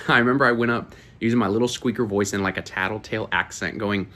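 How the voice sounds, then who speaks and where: A man's voice: fairly low pitch, quick pace, bright, forceful tone. Casual profane young man telling stories. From Florida, USA. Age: 20s. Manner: profane, rambling, laughs at own stories. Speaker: YouTuber. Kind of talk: casual storytelling to camera.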